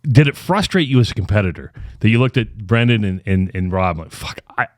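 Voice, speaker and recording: A man's voice: on the low side, animated, fairly quick, dry recording, studio quality. A man hosting a casual podcast interview who asks probing questions and swears casually. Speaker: podcast host.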